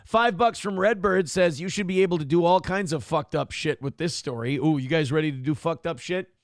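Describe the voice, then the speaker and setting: On a studio-quality recording with no echo, a morning talk show host speaks a little fast. He reads out viewer comments in a casual, sardonically mock-indignant way, cursing liberally and slipping into a high sing-song voice when quoting.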